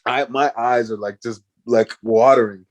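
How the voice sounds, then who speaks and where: A man's voice: medium pitch, steady tone, moderate pace. A man from Canada, a guest in an interview, telling a story animatedly with laughs and restarts.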